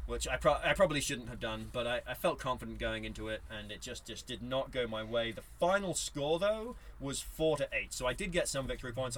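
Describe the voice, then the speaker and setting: Guy on a podcast telling a tabletop battle story, gets really animated, faint hiss behind. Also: mid-range voice, low-quality recording. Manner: animated storyteller, acts out dice moments. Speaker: podcast co-host. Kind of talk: casual chat recapping a tabletop game.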